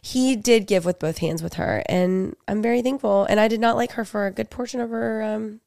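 A woman's voice: medium pitch, gravelly, a little mellow, smooth, dry recording. Sassy woman podcaster, dry close sound. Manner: sassy, playful, quick quips. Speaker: podcast co-host. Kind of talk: casual chat.

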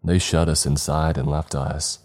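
Very deep-voiced man narrating horror. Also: flat delivery. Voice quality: very deep, dark voice. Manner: slow, measured, grave delivery.

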